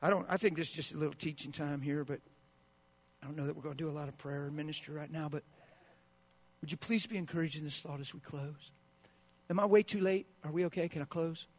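A man pastor preaching a sermon, swinging between hushed asides and loud bursts and acting out the quoted voices of spouses. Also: fairly high pitch, steady tone, quick pace.

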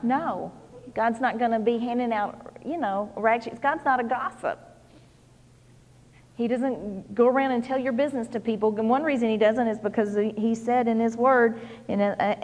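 A woman's voice: on the high side, moderate pace, a little mellow, long reverb tail. A woman preaching a sermon in a folksy, conversational storytelling manner, full of "you know"s.

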